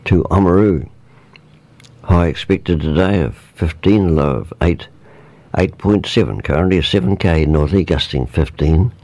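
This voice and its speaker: A man with a very low voice and a New Zealand accent reads the regional weather forecast on local radio. His delivery is relaxed and informal, with fillers slipped in among the figures, over a close, dry studio mic. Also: normal speed, no echo. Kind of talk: reading a weather report.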